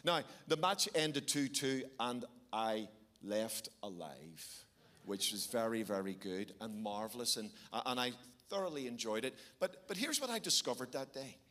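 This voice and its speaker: A middle-aged man with a Belfast accent, preaching a sermon and telling a lively story with shifting pace for emphasis. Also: mid-range voice, measured pace. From Northern Ireland. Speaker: pastor.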